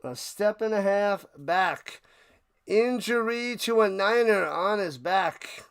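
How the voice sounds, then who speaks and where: A man hosting a live watch party, calling plays casually and chatting with viewers, bursting into loud hype on big plays. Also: high voice, animated, takes it slowly, smooth. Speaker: watch party play-by-play host. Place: home room, his man cave.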